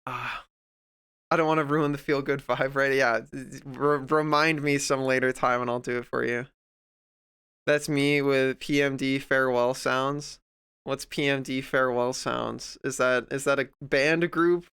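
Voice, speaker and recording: Gravelly-voiced man chatting on a stream. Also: medium pitch, steady tone, unhurried, a bit bright, no echo, studio quality. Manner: rambling and heartfelt, with many fillers and restarts. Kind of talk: casual livestream chat while drawing.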